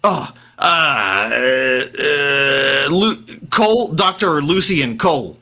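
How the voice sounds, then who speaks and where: Panicked frontier doctor, male, high and shaky, pleading and stammering, put on by a man. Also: expressive, very slow, pushed and bright, exaggerated voice.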